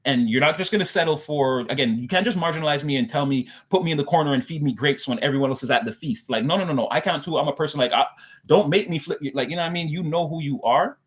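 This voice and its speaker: A man's voice: a little high, fast talker. A man delivering a loose, rambling spiritual message to his viewers, repeating "again" and circling back on his points. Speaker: spiritual reader.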